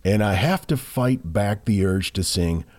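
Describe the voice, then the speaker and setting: A man's voice: fairly low pitch, a little slow. A man co-hosting a podcast, reading listener mail aloud in a playful way with frequent laughs. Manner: lively, playful, laughs often. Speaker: podcast co-host.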